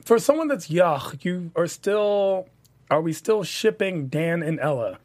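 High-voiced animated man hosting a panel. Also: unhurried. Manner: animated, theatrical call-to-action delivery. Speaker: podcast panel host. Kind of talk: casual TV after-show chat.

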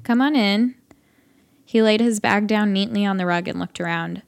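Woman narrator, dry steady storytelling, mid-pitched voice. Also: brisk, vocal fry, smooth. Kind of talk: audiobook narration of a comic short story.

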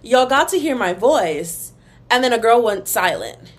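A woman's voice: fairly high pitch, expressive, measured pace. A young woman hosting a casual solo podcast, chatty and gossipy, calling her listeners y'all, talking into her computer's built-in mic at home. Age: young adult. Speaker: podcast host. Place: room at home in front of a wall.

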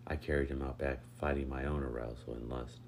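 A man reading a first-person story aloud in a steady, unhurried way. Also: a bass voice, creaky, slight background noise. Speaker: narrator.

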